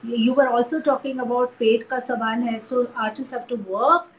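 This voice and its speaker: A woman with an Indian English accent, an art historian and teacher, speaking thoughtfully in an interview with many pauses and fillers. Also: fairly high pitch, steady tone, a little hiss or hum, low-quality recording. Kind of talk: interview conversation.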